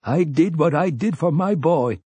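A man's voice: fairly high pitch, lively intonation, a little slow, dark tone, slightly rough, no echo, pitched above the performer's own voice. A man voicing a frightened, shamed middle-aged man who pleads in a raised, strained voice. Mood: stubborn.

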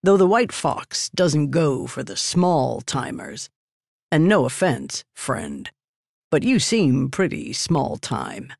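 A woman's voice: low voice, sing-song, takes it slowly, vocal fry, a little mellow, no echo, studio quality, full character voice. A woman voicing a sly man spinning tales in a tavern, drawing out his words knowingly. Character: sly boastful male tavern storyteller.

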